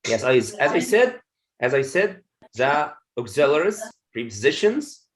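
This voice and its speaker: A man teaching English pronunciation in an online class, repeating words and phrases slowly for his students. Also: mid-range voice, big pitch swings, rough recording. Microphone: video call.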